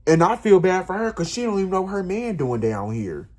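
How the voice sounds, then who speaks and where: Animated man telling a storytime. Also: high voice, a little fast. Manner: animated, repetitive, emphatic retelling. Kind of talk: casual storytime.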